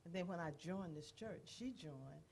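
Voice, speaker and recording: A woman guest on a radio interview, speaking in a measured, earnest way. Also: lowish voice, vocal fry, a little mellow, slight background noise.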